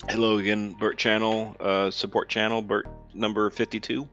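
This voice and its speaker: A man's voice: on the low side, flat delivery, moderate pace, a bit bright. A man hosting a casual live stream, rambling with lots of ums while reading viewers' comments aloud. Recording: dull lo-fi sound with faint music.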